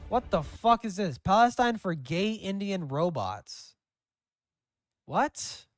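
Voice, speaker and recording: A man's voice: high voice, sing-song, takes it slowly, soft background music. A man giving casual gameplay commentary, crude and mocking, laughing often. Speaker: gaming commentator.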